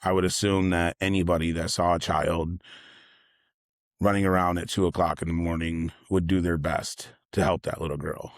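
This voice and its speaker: A young man with a very low voice recounts a personal story in a casual, rambling way. His delivery stays even and level, and he keeps circling back to repeat himself. The sound is dry and close. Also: moderate pace, dry recording. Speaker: delivery driver.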